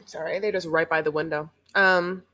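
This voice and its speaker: A woman's voice: low voice, steady tone, normal speed, pushed and bright. A young woman co-hosting a TV recap show, chatting casually in a sarcastic, rambling way. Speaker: co-host of a reality TV recap show. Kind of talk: casual chat.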